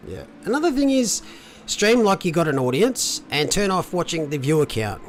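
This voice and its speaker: A man's voice: on the high side, sing-song, normal speed, a little hiss or hum. A man casually commentating an online sim race, chatty and joking. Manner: chatty, joking, giving advice.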